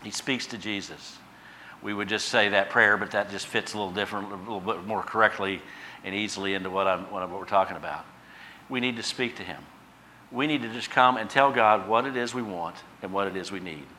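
Male pastor, bright and forceful tone, impassioned sermon delivery with chatty asides. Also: lowish voice, brisk, slight background noise. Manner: impassioned preaching, swells loud on repeated phrases then drops quiet; conversational asides to the congregation.

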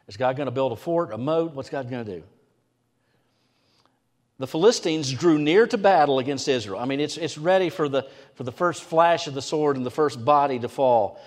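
A man preaching a sermon as pastor, swinging from loud emphatic lines to hushed ones. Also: a little high, expressive, moderate pace. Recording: long hall reverb.

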